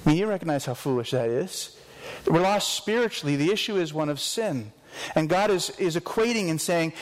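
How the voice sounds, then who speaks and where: A man's voice: on the high side, expressive, fairly quick, in a large hall, poor audio. A man preaching a sermon as pastor, earnest and conversational with self-deprecating asides.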